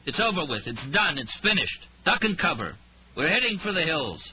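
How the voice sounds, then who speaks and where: A man narrator voicing a drunk, raging male detective who snarls and shouts. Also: sits low, sing-song, measured pace, muffled recording, a little hiss or hum. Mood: bitter drunk. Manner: snarling, shouting, slurred rants.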